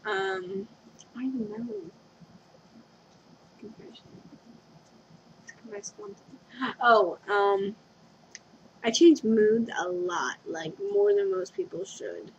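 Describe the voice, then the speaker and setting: Speaking slowly and pausing often, this medium-pitched woman sounds lively as she rambles through a home confession vlog. She's giggly and scatterbrained and keeps losing her thread. The dull lo-fi webcam audio carries slight background noise.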